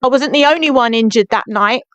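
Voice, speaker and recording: A young woman talks straight into her phone on a live stream, indignant and pressing, repeating pointed questions at her viewers. Her voice sits a bit high and sounds crisp and clean, with a dry, close sound and no room around it. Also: a little fast, fairly bright tone, no echo, muffled recording. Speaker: livestreamer. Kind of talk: angry live-stream rant.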